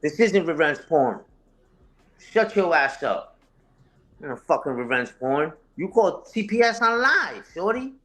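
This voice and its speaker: A man's voice: a little high, animated, moderate pace, hardly any pauses, fairly bright tone. A man, talking heatedly and without a script, profane and confrontational, repeating phrases for emphasis. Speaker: interview guest, online content creator. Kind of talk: heated unscripted talk, answering a live chat.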